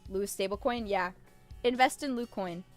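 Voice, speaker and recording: A woman's voice: mid-range voice, normal speed, faint music behind. A woman streamer rambling in casual live-stream chat, irreverent and swearing freely.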